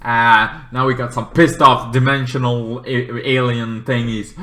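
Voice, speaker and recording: A man giving a casual, rambling movie review, swearing and often acting out the characters. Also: echoey room. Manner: rambling, swears, acts out characters in shrill yells.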